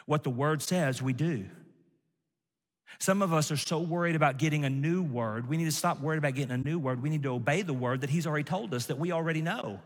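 Male preacher, slightly high voice, emphatic sermon delivery, long hall reverb. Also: quick pace. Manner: emphatic preaching with audience asides. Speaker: pastor.

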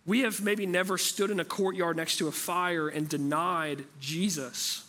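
A man's voice: high-pitched, fairly even intonation, a little slow, bright, forceful tone. A man preaching a sermon as pastor, talking in a conversational way and asking the room rhetorical questions.

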